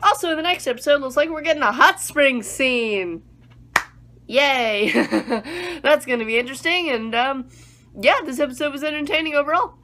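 A woman's voice: high-pitched, animated, moderate pace, noisy background. A young woman chatting casually through an anime episode review, rambling and acting out her own reactions.

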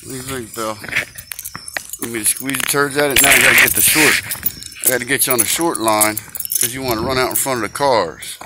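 A man's voice: medium pitch, fairly even intonation, fairly quick. A man walking his dog outdoors and filming on his phone, teasing it with crude, profane chatter. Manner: crude, teasing, swears a lot. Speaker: dog owner filming a walk. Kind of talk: casual filmed chatter to a dog. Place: outdoors on a roadside walk. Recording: noisy outdoor phone recording.

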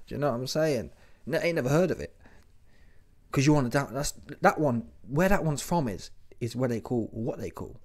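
A man's voice: mid-range voice, lively intonation, moderate pace, darkish tone. A man hosting casual commentary, slangy and mocking, who keeps tagging his lines with "yeah?". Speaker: host of a commentary channel.

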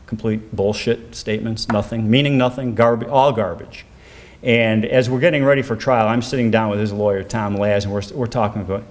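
A man's voice: fairly even intonation, fairly quick. Older man recounting a case. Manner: narrates with rising pitch when quoting others. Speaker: former defense lawyer. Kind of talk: documentary interview, recounting a case.

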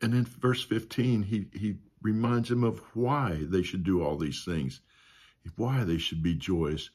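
A man's voice: fairly low pitch, fairly even intonation, a little slow, a little mellow, breathy edge. A man teaching a Sunday school Bible lesson in a conversational way, often adding "you know" and asking the class questions.

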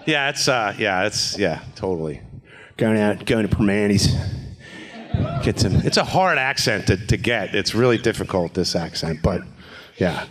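A man's voice: lowish voice, expressive, normal speed, a bit bright. A man, a voice actor talking casually on a convention panel, joking and slipping into voices. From New Jersey. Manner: jokey, slips into character voices. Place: convention stage.

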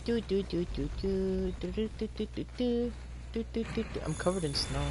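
A man's voice: sits high, fairly quick. A man playing a video game beside a child, chattering playfully, humming tunes and yelping at the action. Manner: excitable, hums, calls out gasps and yells. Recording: game music playing behind. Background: game music.

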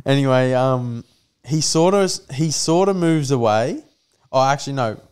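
A man's voice: mid-range voice, expressive, a little slow, a little mellow, clean tone. Swearing Australian man telling a story. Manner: crude, swearing, acts out quotes in the story. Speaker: podcast host. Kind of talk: casual storytelling chat.

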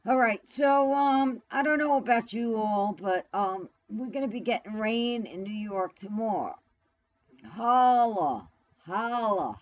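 A woman's voice: medium pitch, muffled recording. A woman live streaming from home in New York, rambling casually to her viewers, blunt and profane as she talks back to the chat. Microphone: camera mic.

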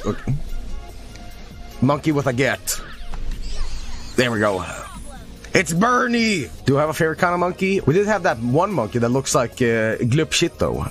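A man streaming a game, joking and swearing with excitable commentary. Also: mid-range voice, moderate pace, pauses often, faint music behind. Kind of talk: casual live-stream commentary.

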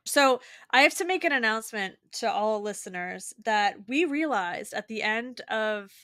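Woman cohosting a podcast, kinda high voice, dry mic, chatty and telling a story. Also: expressive, moderate pace, a bit bright, no echo. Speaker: podcast co-host. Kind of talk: casual political podcast chat.

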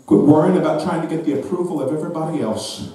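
High-voiced fervent preacher, echoey hall. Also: male voice, quick pace, far from the mic. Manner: fervent preaching that swings into shouted, sing-song peaks. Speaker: pastor. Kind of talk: sermon. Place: church sanctuary.

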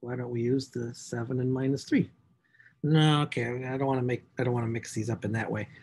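A man's voice: medium pitch, brisk, husky. A man teaching a math class, working through equations aloud and stressing key words as he writes. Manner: talks to himself while writing equations, animated emphasis. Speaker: math instructor. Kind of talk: recorded class lecture.

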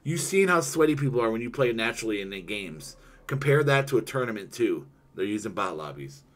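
A man's voice: lowish voice, very animated, brisk. Profane, ranting young man streamer. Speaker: gaming streamer. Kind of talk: casual gaming stream chat.

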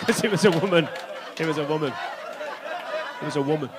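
A man's voice: on the high side, quick pace, a loud crowd, heavy background noise. A middle-aged man performing a stand-up comedy set on a club stage, brash and sweary, acting out the voices he quotes. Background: faint audience laughter.

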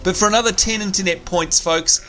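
A man's voice: high-pitched, steady tone, fairly quick, bright, forceful tone, faint music behind. A man hosting a let's play, chatting casually and joking as he plays. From Australia. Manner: chatty, jokey, thinks aloud. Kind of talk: casual gameplay commentary.

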